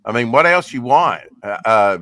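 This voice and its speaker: A man's voice: mid-range voice, expressive, moderate pace, pushed and bright, no echo. A man in his fifties hosting a casual live chat, rambling and talkative. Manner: chatty, rambling storyteller. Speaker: livestream host.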